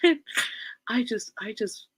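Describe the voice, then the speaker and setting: A woman chats through a personal story, giggling often between phrases. Her voice is husky and slightly breathy, and her pitch rises and falls a great deal. She is effusive and leans on repetition for emphasis. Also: expressive, takes it slowly, low-quality recording. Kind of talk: casual anecdotal storytelling.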